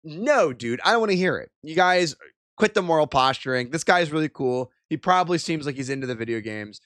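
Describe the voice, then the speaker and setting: A man's voice: a little high, animated, a little fast, fairly bright tone, dry recording, clean studio sound. A young man streaming, ranting and swearing in exasperated commentary.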